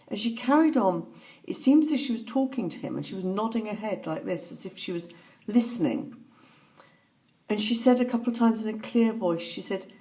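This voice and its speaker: A woman speaking softly and haltingly, telling a personal story as reflective testimony. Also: mid-range voice, lively intonation. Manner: soft-spoken, halting, with pauses and fillers. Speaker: author recounting a personal story.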